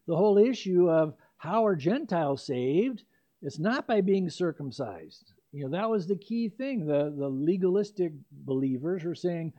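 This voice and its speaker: A man's voice: on the high side, lively intonation, a little slow, dark tone. An older man preaching an expository sermon as pastor, in a conversational way with asides and self-corrections. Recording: dull lo-fi recording.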